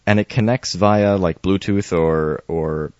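A man's voice: low voice, measured pace, a little mellow, no echo. A man in casual podcast chat, laid-back, explaining gadgets with jokes and mild swearing. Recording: dry, dull lo-fi sound.

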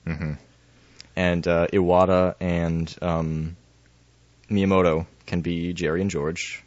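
Very deep-voiced man joking in chat. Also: level tone, a little mellow, dry recording, highs cut off. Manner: quick, playful, laughs often. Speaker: podcast co-host. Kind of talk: casual chat.

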